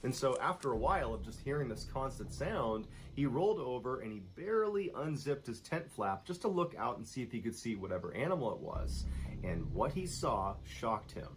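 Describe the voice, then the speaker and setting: A man narrating a true-crime style scary story in a steady, suspenseful storytelling manner. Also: mid-range voice, moderate pace, slight background noise, rough recording.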